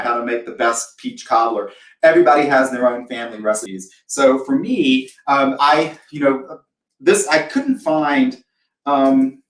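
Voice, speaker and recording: A man's voice: medium pitch, fairly bright tone, echoey room, far from the mic, rough recording. A man from the American South hosting a live cooking demo, chatty and self-deprecating, acting out imagined reactions as he talks through a recipe. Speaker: host of a live cooking show.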